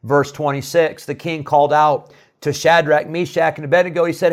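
A man's voice: fairly high pitch, flat delivery, normal speed. A man preaching an earnest, conversational devotional sermon with emphatic asides.

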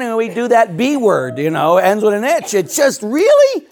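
Animated priest with a lively voice. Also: male voice, high voice, moderate pace, hardly any pauses. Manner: animated storytelling, laughs at himself. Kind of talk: sermon.

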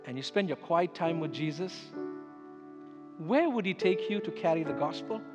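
High-voiced preaching man, echoey church. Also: expressive, moderate pace. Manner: emphatic preaching, storytelling asides. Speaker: pastor. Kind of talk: sermon. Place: church sanctuary. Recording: echoey church hall with music underneath.

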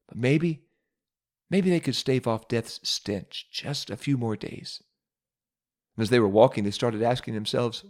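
A man's voice: mid-range voice, darkish tone. A male pastor preaching a sermon, telling a story with rhetorical questions and building repetition.

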